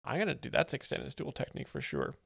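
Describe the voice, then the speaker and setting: A man commenting over a comedy clip in a dry, deadpan, mock-analytical way, as if breaking down technique. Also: mid-range voice, quick pace, gravelly, background noise. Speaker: joke explainer host.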